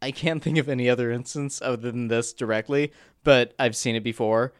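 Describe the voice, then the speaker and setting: A man co-hosting a podcast, excitable and casual, swearing freely while discussing a movie. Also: mid-range voice, brisk, clean tone, no echo, studio quality. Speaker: podcast co-host. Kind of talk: casual film chat.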